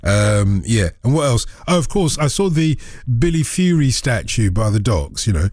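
Chatty male phone-in host, animated pitch, dry close sound, quick jokey asides. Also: no echo. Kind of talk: casual radio phone-in chat.

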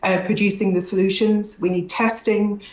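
A woman's voice: medium pitch, flat delivery, normal speed, reverberant, rough recording. A woman academic expert giving careful, analytical answers in a news interview, with some hesitations.

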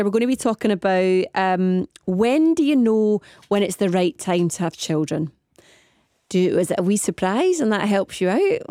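A Scottish woman hosting a live radio phone-in, talking quickly and a little out of breath, firing questions at her listeners. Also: lowish voice, mellow, dry recording, studio quality. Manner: chatty, rapid, asks listeners lots of questions. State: slightly out of breath. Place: radio studio.

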